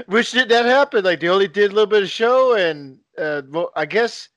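A man's voice: sits high, lively intonation, moderate pace, fairly bright tone, no echo. A man co-hosting a podcast, laid-back and casual with brief replies. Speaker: podcast co-host. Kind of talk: casual chat. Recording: dull dry lo-fi sound.

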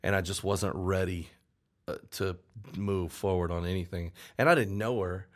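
A man's voice: sits low, fairly even intonation, normal speed. A man in his forties, a songwriter guest, telling a candid, rambling story in a casual interview, acting out what people said. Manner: candid, rambling, with restarts and acted-out quotes.

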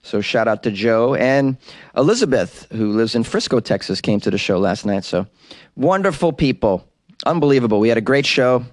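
A man's voice: mid-range voice, lively intonation, moderate pace, no echo, studio quality. A man, a comedian, hosting his podcast in a chatty, upbeat, rambling monologue.

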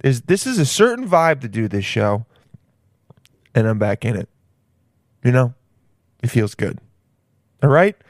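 Dude host rambling on his podcast, mid-pitch guy, dry room. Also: sing-song, unhurried, long pauses, no echo. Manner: rambling, slangy, hyped-up, lots of "dude". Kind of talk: casual solo podcast monologue.

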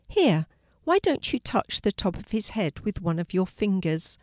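A woman doing a gentle reassuring schoolgirl. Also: mid-range voice, big pitch swings, a little slow, dry recording, clean studio sound. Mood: encouraging. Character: kind girl, confident hamster owner.

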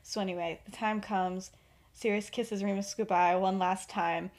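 A woman's voice: mid-range voice, steady tone, normal speed, darkish tone. A woman co-hosting a podcast, telling a story in casual chat with lots of fillers and frequent giggles. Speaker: podcast co-host.

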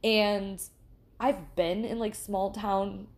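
A woman co-hosting a podcast, telling a story in casual, animated chat, swearing freely and restarting her sentences often. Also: mid-range voice, slow pace. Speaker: podcast co-host.

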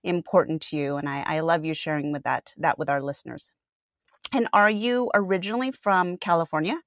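A woman's voice: deep voice, a little fast, fairly bright tone, dry recording, studio quality. A woman from Washington state hosting a podcast interview, enthusiastic and laughing often. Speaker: podcast host. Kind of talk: casual interview.

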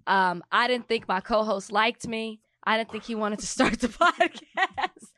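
Higher-voiced female podcast co-host, emotional. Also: a little slow, no echo, studio quality. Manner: excited, near tears, laughing. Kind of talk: casual chat.

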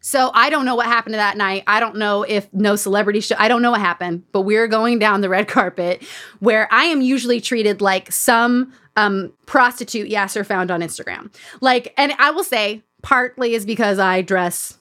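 A woman's voice: mid-range voice, normal speed. A woman host telling a story in casual chat, acting out the people she quotes. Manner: animated, acts out quoted voices. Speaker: podcast host.

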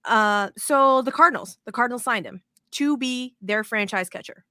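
A woman hosting a podcast in casual chat, excitable and rambling, with the odd swear. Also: on the high side, moderate pace, no echo, studio quality. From moved to Texas as an adult. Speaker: podcast host.

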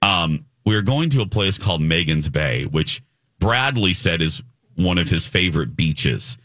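Man, talk host, casual storytelling, lowish pitch, dry close mic. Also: measured pace, dry recording. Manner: rambling, animated storytelling with many fillers. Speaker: radio show host.

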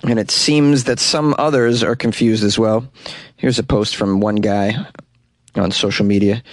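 A man's voice: on the low side, fairly even intonation, measured pace, no room sound. An American man hosting comedic news commentary in a joking, irreverent way, with chuckling asides. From United States. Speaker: comedy podcast host.

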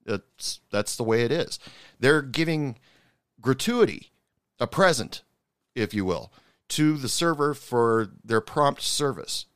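A man tells a story in a loose, rambling way, stopping often to restart his sentences. He slips in indignant asides as he goes. His voice is smooth and clear, recorded dry and close. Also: medium pitch, animated, slow, a bit bright, no echo. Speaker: commentator recounting a TV episode. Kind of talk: casual storytelling commentary.

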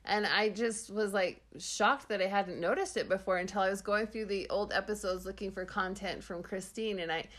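A woman's voice: mid-range voice, fairly even intonation, moderate pace, hardly any pauses, fairly bright tone. A woman co-hosting a casual podcast chat, talking in a bubbly, emphatic, gushing way. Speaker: podcast co-host.

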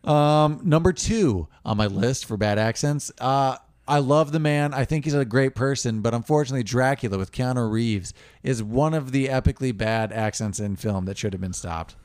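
A man's voice: medium pitch, normal speed, darkish tone, clear, resonant tone, no room sound, studio quality. A man co-hosting a casual movie podcast, laid-back, laughing often and trailing off with fillers. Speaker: podcast co-host.

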